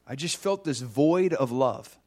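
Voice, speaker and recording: Male preacher, testimony-style sermon; lively storyteller, spikes high when excited. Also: unhurried. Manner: animated storytelling with sudden high excited bursts.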